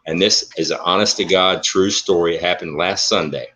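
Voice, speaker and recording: Deep, bright-toned blunt storytelling man. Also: fairly quick. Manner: blunt, profane, animated storyteller. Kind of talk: casual storytelling. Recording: muffled lo-fi audio.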